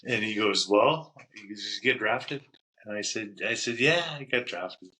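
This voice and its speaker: A man's voice: on the low side, lively intonation, normal speed, sharp tone, slight background noise, poor audio. A middle-aged man and former hockey goalie, a podcast guest who tells a long, rambling story. He keeps repeating "I said" and "he goes" and chuckles as he goes. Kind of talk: casual storytelling interview.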